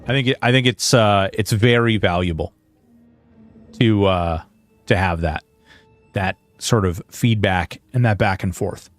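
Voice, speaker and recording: A man's voice: on the low side, measured pace, faint music behind. A man streaming a video game, talking in an earnest, rambling way into a headset. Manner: earnest, rambling, with many restarts. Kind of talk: livestream chat and game commentary.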